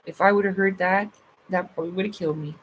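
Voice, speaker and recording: A woman's voice: on the low side, steady tone, quick pace, a little hiss or hum, rough recording. A woman hosting a casual livestream, chatting loosely with her viewers, full of fillers and swearing freely. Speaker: livestream host. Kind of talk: casual live chat reading comments.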